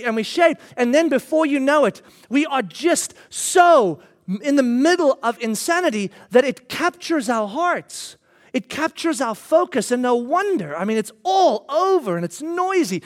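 A pastor in his thirties delivers a sermon through a lively personal anecdote. His voice sits very high for a man, and he acts out his own remarks as he tells it. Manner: animated storytelling, acts out his own lines.

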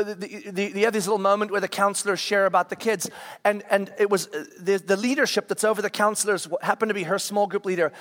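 A man in his forties, a camp speaker, telling a story in a sermon with animated restarts and stammers. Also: high voice. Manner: acts out quoted people in raised voices.

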